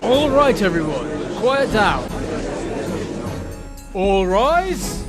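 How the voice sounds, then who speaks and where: A man voicing a pompous male judge who calls a club session to order in a slow, ceremonious jingle. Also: very animated, a loud crowd, exaggerated voice. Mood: grandly formal. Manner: slow, booming, ceremonious announcing. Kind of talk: recorded show jingle. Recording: voice over loud music.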